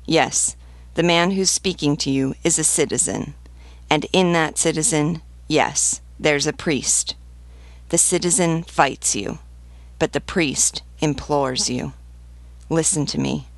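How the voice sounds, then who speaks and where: A woman's voice: sits low, slow pace, creaky, no room sound, full character voice. A woman voicing a stern male revolutionary priest who pleads earnestly with besieged men, in an audiobook reading. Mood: pleading.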